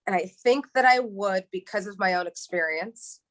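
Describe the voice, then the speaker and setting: A woman from New York, a podcast guest, speaking earnestly in a halting way, with frequent restarts and repeated words. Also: mid-range voice, fairly bright tone. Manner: heartfelt and earnest. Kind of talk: emotional interview, candid storytelling.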